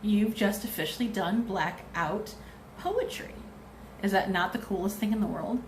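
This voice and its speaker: A woman's voice: mid-range voice, moderate pace, background noise. A woman, a librarian leading a cheerful craft demo at her kitchen table, talking to viewers in a sing-song way.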